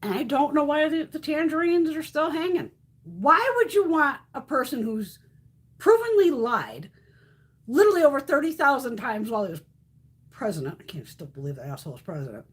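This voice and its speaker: A woman's voice: sits high, sing-song, a little fast. A woman hosting a casual live stream, ranting bluntly and profanely, reacting to chat comments as she goes. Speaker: beauty livestream host.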